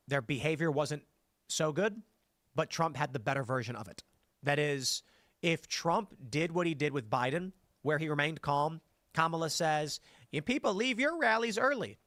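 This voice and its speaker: In clean studio sound with no echo, a man with a slightly high voice and moderate pace hosts a casual political chat. He animatedly reads viewer comments and acts out the voices of everyday people in his anecdotes.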